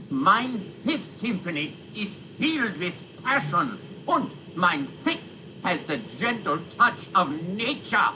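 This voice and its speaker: A temperamental old composer with a thick German accent declaims grandly, his pitch swinging widely from line to line. He is proud and quick to anger. This is video game audio with a steady hiss of background noise behind him. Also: full character voice. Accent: put-on German. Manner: theatrical, booming declarations. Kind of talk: video game character acting.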